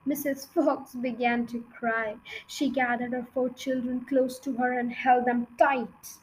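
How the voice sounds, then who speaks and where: A woman reads a children's storybook aloud with a high, bright voice. Her reading is expressive and dramatic. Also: a little slow, a little hiss or hum, rough recording. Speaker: reader.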